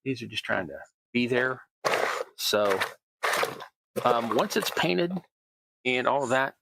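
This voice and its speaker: A man's voice: mid-range voice, animated, takes it slowly, creaky, long pauses, background noise. A middle-aged man with a Southern American accent chatting casually through a hobby crafting tutorial, rambling with self-deprecating asides. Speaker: host, terrain crafter.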